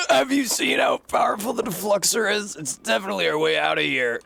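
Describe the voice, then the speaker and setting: Streamer doing an upbeat Irish-accented robot tinkerer, pitched up, game dialogue. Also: male voice, creaky, exaggerated voice. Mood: excited. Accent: put-on Irish. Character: helpful male robot inventor, upbeat.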